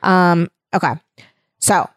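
A young woman chatting casually on a podcast, retelling an opera's plot with quick silly character voices. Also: fairly low pitch, no echo, studio quality. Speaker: podcast co-host. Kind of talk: casual chat recapping an opera.

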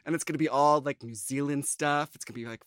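A man co-hosting a podcast, chatting in an animated, giggly way. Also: a little high, fast. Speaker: podcast co-host. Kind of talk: casual chat.

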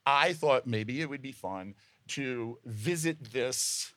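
A man's voice: medium pitch, lively intonation, slow, fairly bright tone, no room sound. A man guesting on a live podcast show, telling crude stories in a laid-back way into a handheld mic. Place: live show at a poolside venue.

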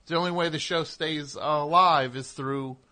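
A man's voice: on the high side, normal speed, sharp tone. A middle-aged man hosting a radio show, talking in a digressive, self-interrupting monologue with sarcastic asides. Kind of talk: rambling on-air monologue.

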